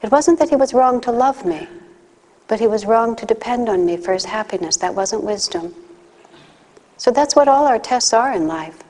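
A woman's voice: on the high side, lively intonation, moderate pace, a little mellow. Woman giving a spiritual talk in a hall. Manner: conversational, with acted asides and anecdotes. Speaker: spiritual teacher. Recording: long hall reverb.

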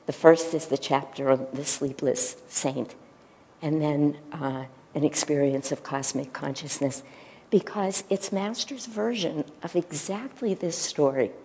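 A woman gives a devotional talk, her voice a touch low and warm-toned. She tells the story gently and unhurriedly, stopping now and then to find the right word. Her voice rings with a long reverb, as if in a large hall. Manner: gentle, storytelling, pauses to search for words. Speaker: spiritual teacher.

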